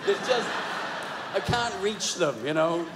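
A man doing a stand-up comedy set, sweary and animated, laughing at his own jokes. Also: sits high, unhurried. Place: live comedy venue. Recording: live venue, roomy hall echo, crowd noise.

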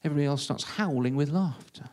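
A man's voice: fairly high pitch, fast, darkish tone. A man telling a comic first-person story in a self-deprecating, conversational way.

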